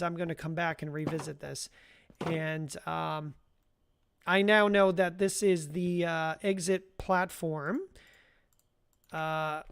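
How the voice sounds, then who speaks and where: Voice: medium pitch, a bit bright, a little hiss or hum. Chatty livestreamer talking to chat. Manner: chatty, talks to chat viewers by name; rambling with frequent restarts and self-amused laughs. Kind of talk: casual live gameplay commentary.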